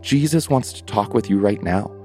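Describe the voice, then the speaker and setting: A man narrating a bedtime story for children in a gentle manner, asking the listeners questions. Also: lowish voice, animated, normal speed, faint music behind.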